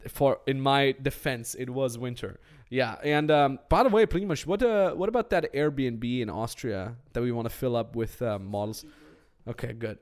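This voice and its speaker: Animated storytelling podcast host man. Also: medium pitch, normal speed. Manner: animated storytelling with acted quotes. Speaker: podcast host and business coach. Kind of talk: casual podcast chat.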